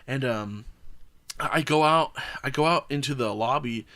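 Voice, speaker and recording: A man's voice: mid-range voice, normal speed, fairly bright tone. A man hosting a podcast, chatting casually and telling a profane, rambling story. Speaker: podcast host. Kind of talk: casual chat.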